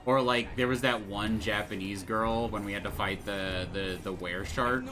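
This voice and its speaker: A man's voice: on the low side, fairly even intonation, normal speed, over music. Rambling sarcastic young male gamer. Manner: rambling, sarcastic, swears casually. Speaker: let's play gamer. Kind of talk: casual gameplay commentary.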